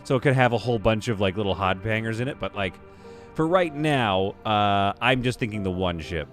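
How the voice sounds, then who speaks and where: A man with a low voice streams a game and rambles casually, full of fillers and restarts. Faint music plays behind him. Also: lively intonation, a little fast. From Canada. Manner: rambling, self-amused, many fillers and restarts. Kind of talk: casual live-stream chat.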